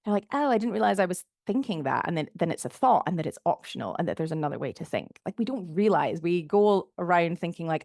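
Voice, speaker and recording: Chatty woman with a gravelly edge. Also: on the low side, animated, brisk, hardly any pauses, a little mellow, no room sound, clean studio sound. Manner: chatty, encouraging, many "like" fillers. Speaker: podcast host and goal coach. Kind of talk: casual solo podcast monologue.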